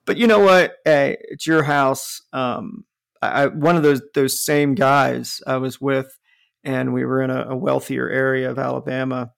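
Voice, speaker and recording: A man with a northern US accent telling stories in a casual, animated chat, swearing and laughing as he goes. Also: mid-range voice, measured pace, creaky. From northern United States.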